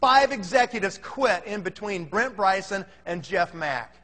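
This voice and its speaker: A man's voice: high voice, a little slow, pushed and bright. A man giving a motivational talk to a conference audience, telling stories energetically and checking in with the crowd as he goes. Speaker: company leader speaking at a business conference. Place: large conference hall before a live audience. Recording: reverberant large hall.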